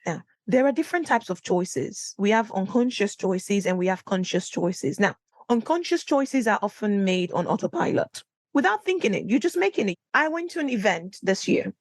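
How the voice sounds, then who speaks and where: Brief: woman podcast host, solo, chatty storyteller who acts out quotes with big pitch jumps, dry close mic. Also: expressive, normal speed, dry recording. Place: indoor room, recording at home setup.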